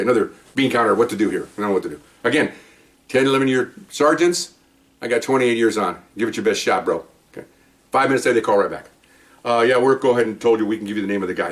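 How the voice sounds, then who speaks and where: A retired police detective in his fifties telling work stories in a casual monologue, acting out the dialogue in quoted voices. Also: medium pitch.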